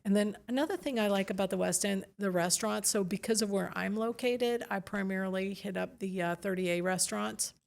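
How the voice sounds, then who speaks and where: A woman's voice: mid-range voice, a little fast, vocal fry, few pauses. A woman realtor chatting casually as a podcast guest, enthusiastically recommending local spots. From United States.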